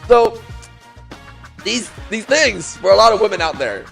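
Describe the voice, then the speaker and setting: A man, co-hosting a sports talk show and telling excitable stories with frequent laughter. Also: high-pitched, a little slow, creaky, loud music behind the voice. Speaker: podcast co-host. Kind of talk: animated sports banter storytelling.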